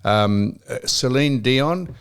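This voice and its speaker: An older Australian man hosting a podcast interview, asking questions in a halting, hesitant way. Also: mid-range voice, lively intonation, clean tone. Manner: hesitant, halting, many fillers and restarts. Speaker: podcast host. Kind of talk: casual interview.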